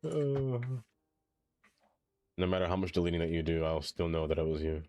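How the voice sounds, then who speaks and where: Male game streamer, low voice that swings wide when he gets worked up, dry close sound, chatty and ranting. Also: moderate pace, no echo. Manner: animated, ranting and laughing while reading chat aloud. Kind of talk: casual live-stream chat while playing.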